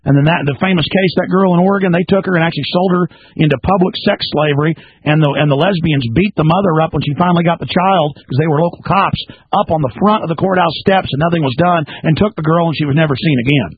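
A man's voice: fairly high pitch, fast, few pauses, breathy edge, no echo, narrow, tinny audio. A man hosting a talk radio show, delivering an emphatic, ranting monologue to a caller.

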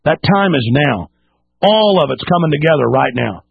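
A man hosting talk radio in a furious, ranting monologue, his voice gravelly and husky and pitched a little high. He lurches up and down in pitch for emphasis. The sound is dry and narrow, as if heard through a phone line. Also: lively intonation, normal speed, dry recording. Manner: angry, ranting, emphatic, with sudden pitch jumps and drops. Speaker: radio talk show host.

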